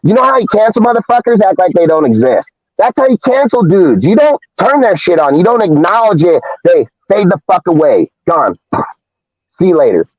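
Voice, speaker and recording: A man's voice: high voice, sing-song, normal speed, a little mellow, no echo. A man hosting a live show, ranting in a heated, profane, confrontational way. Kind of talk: live-stream rant. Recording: dull lo-fi dry stream audio.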